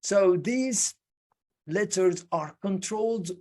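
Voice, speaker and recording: A teacher leads an online pronunciation lesson at a very unhurried pace, in a mid-range voice. Each sound is repeated and drilled carefully, and explanations come step by step, framed by questions the teacher asks and then answers. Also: medium pitch, expressive. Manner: slow and deliberate, drilling sounds with many repetitions. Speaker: English speaking teacher.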